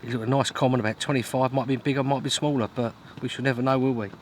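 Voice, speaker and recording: A man's voice: mid-range voice, fairly even intonation, quick pace, a little hiss or hum. A man talking to camera while fishing outdoors, chatty and self-mocking, with grumbling asides. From Britain. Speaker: fishing vlogger. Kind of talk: casual vlog to camera. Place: outdoors at a lake in wind and rain.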